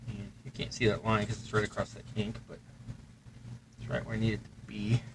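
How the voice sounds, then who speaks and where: A man's voice: lowish voice, level tone, a little fast, vocal fry, background noise. A man hosting a crafting livestream, casually narrating each step of his work as he thinks aloud at his workbench. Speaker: host of a terrain-crafting livestream.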